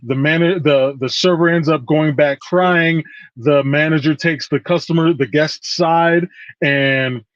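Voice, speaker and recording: A man co-hosting a casual podcast, slightly higher in pitch, telling a scene from start to finish in an easygoing way. The audio is a little dull and muffled, and the room is dry. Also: a little slow, no echo. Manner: relaxed storyteller, recounts scenes step by step. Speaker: podcast co-host.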